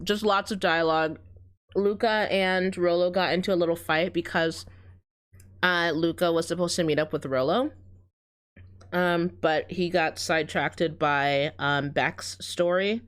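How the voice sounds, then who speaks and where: A woman's voice: fairly low pitch, fairly bright tone, clean tone. A woman streaming a story game, chatting casually and correcting herself as she goes. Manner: chatty, rambling, self-correcting. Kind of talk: casual game-play chat.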